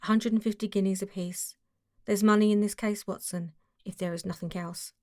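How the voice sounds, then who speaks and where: A woman reading the part of a self-assured male detective, brisk and dry. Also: medium pitch, steady tone, dark tone, no echo, close to an everyday voice. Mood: brisk, amused.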